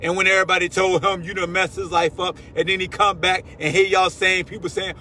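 A male sports-show host ranting in a heated, slangy voice. His voice sits high and sounds bright and forceful. He cuts in and shouts over others. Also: normal speed. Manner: fiery, slangy, shouting interruptions. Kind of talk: heated sports talk rant.

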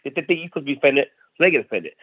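Rapid-fire and sing-song, a medium-pitched man from South Carolina rants on a casual podcast, where he's a stand-up comedian guest repeating phrases for emphasis. The recording has no room sound and a dry, tinny, phone-like tone.

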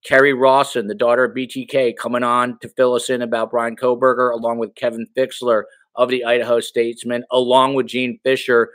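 Man, medium pitch, upbeat chatty host, dry recording. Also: flat delivery, a little fast, few pauses, fairly bright tone, no room sound. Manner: upbeat, chatty, hypes guests and audience. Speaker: podcast host. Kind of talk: casual interview hosting.

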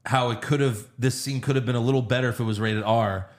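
A man's voice: medium pitch, fairly even intonation, fast talker. A man co-hosting a podcast, casually recapping a movie scene by scene, acting out the lines and swearing freely. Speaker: podcast co-host. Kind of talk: casual movie review chat.

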